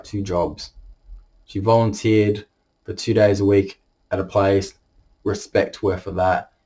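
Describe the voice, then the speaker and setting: Man on the verge of tears, lowish voice, halting confession, restarts often. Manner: halting, emotional, many restarts. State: holding back tears. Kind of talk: emotional personal confession to camera.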